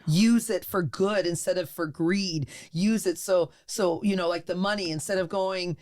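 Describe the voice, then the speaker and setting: A woman's voice: on the low side, fairly even intonation, moderate pace, hardly any pauses, a little mellow. A woman co-hosting a recovery podcast, talking emphatically and acting out quoted lines as she makes her points. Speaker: podcast co-host. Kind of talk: animated recovery talk. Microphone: studio podcast mic.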